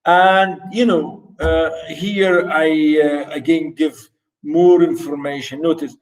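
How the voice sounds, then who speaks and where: A man whose first language is Arabic gives a university lecture, sitting a little high in pitch. He takes it very slowly, repeating points and turning to his students. The voice sounds somewhat distant from the microphone. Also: steady tone. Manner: slow, repetitive, addresses students directly.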